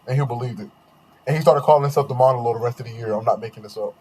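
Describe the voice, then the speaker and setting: A man's voice: mid-range voice, rapid-fire, a crowd in the background, poor audio. A young man hosting a podcast, telling loose, profane stories in casual chat. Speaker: podcast host.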